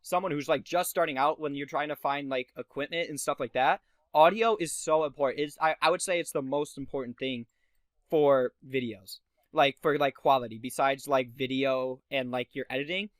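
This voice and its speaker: A man's voice: medium pitch, moderate pace, fairly bright tone, dry recording. A young man co-hosting a casual podcast, giving emphatic advice with lots of fillers and restarts. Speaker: podcast co-host.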